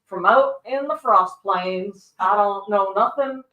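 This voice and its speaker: A woman playing a party game, pitching in character as a simple country elf with a drawling, folksy twang. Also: takes it slowly, bright, forceful tone, echoey room, recorded from a distance, dull audio. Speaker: player. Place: hotel room.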